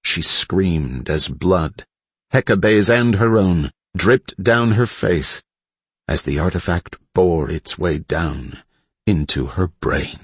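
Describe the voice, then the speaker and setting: A man narrates a story in a deep, husky voice. His reading is measured and dramatic. The recording is dry and close, with no room sound. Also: lively intonation, dry recording. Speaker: audiobook narrator. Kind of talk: scripted narration.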